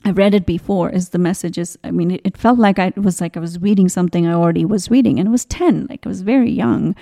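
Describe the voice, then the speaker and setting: A woman in her forties hosting a spiritual podcast, talking gently in a rambling way with tangents and restarts. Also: on the low side, fast talker, gravelly. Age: 40s. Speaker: podcast host. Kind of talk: casual spiritual podcast talk.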